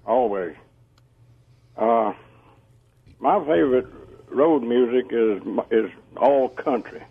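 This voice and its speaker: A man calls in to a radio show, speaking slowly and haltingly with small chuckles. His voice is gravelly and husky, heard over a thin, tinny phone line. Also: medium pitch, expressive. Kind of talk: casual phone-in chat.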